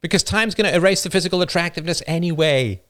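A middle-aged man hosting a live call-in philosophy show, talking with passion and emphasis, his voice a little rough. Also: a little high, quick pace, fairly bright tone. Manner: passionate and emphatic, reads chat messages aloud. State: slightly rough voice.

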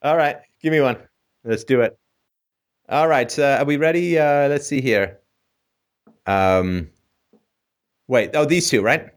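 A man's voice: mid-range voice, a little slow, pauses often. A man hosting a call-in show, ranting sarcastically and with animation. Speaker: host.

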